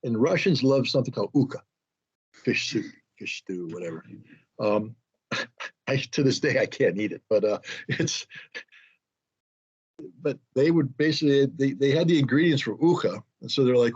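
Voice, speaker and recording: A man's voice: medium pitch, expressive, moderate pace, long pauses, a little mellow, slightly rough. An American man telling a rambling, self-deprecating anecdote as an interview guest, with frequent restarts. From United States. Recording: dull lo-fi sound.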